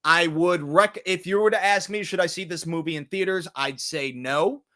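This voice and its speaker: A man hosting a movie review show in casual chat, animated and jokey, often swearing and acting out scenes. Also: high-pitched, moderate pace. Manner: animated, jokey, profane, acts out scenes in put-on voices. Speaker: podcast host reviewing movies.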